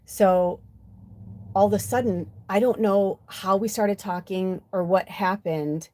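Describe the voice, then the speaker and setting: A woman's voice: medium pitch, fairly even intonation, takes it slowly, dark tone. An American woman in her fifties, a spiritual medium hosting a livestream, telling stories in a chatty, heartfelt, rambling way. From United States. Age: 50s. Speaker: spiritual medium, oracle card reader. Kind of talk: casual livestream storytelling.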